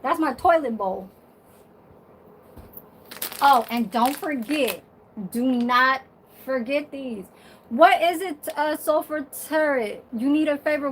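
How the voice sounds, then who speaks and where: A high-pitched woman vlogging from her bedroom, talking straight to her viewers. She takes her time and drawls her words, sassy and blunt, with plenty of swearing and laughter. Her tone is casual and talkative throughout. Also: unhurried, a little hiss or hum, low-quality recording.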